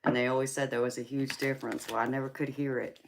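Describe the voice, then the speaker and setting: A woman's voice: a bass voice, flat delivery, quick pace, heavy background noise. A woman with a Southern drawl hosts a live tarot stream and chats with her viewers. She teases them, laughs often and calls them honey and baby. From California. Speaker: livestream tarot reader host. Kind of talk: casual live-chat banter with viewers.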